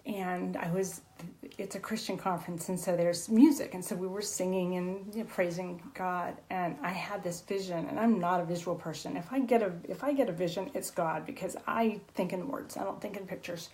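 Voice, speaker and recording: A woman's voice: fairly low pitch, fairly even intonation, normal speed, darkish tone, low-quality recording. A woman author guest on a video call, earnestly sharing an emotional personal testimony, tearful at times, with many fillers and restarts.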